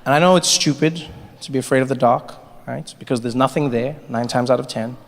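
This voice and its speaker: A man doing a stand-up comedy set on a large theater stage, telling his story in an animated way, with sudden drops and jumps in his voice. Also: medium pitch, brisk, creaky. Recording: live show in a reverberant hall.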